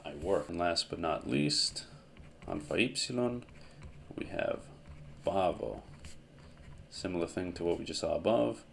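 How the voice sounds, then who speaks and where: Slow, gravelly deep-voiced man teaching. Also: fairly bright tone, slight background noise. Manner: slow, methodical explaining with self-corrections. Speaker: language teacher. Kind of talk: whiteboard grammar lesson.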